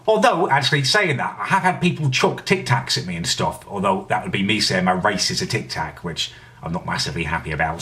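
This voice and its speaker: A young man hosts his own vlog, delivering dry, sardonic commentary full of indignant asides. His voice sits on the low side. He is picked up from a little way off the mic. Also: a bit bright, far from the mic. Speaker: vlogger host. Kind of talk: casual comedic vlog commentary.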